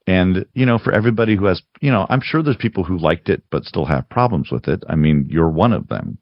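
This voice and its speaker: Low gravelly man, lively delivery. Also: fast talker, no echo. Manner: rambling, restarts often. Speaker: podcast co-host. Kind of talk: casual film discussion. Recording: dull lo-fi sound, dry.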